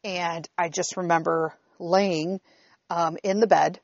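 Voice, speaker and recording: A woman's voice: fairly low pitch, steady tone, slow pace, no room sound. A middle-aged woman telling a personal story in a blunt, profane, candid way, often checking in with her listeners. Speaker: vlogger. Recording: dull, slightly lo-fi recording.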